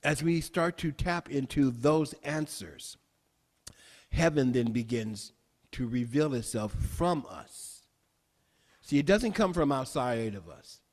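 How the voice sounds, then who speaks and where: A man minister delivering a sermon, repeating phrases emphatically and building to excited exclamations. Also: medium pitch. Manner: repetitive, emphatic preaching with rising exclamations. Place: church sanctuary. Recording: long hall reverb.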